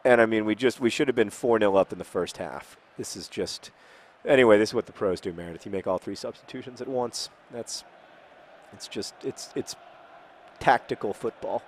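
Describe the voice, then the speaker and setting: Male host, 30s, lower voice, rambling self-mocking gameplay chatter with frustrated bursts. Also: moderate pace. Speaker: host playing a football video game. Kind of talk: casual chat while playing a video game.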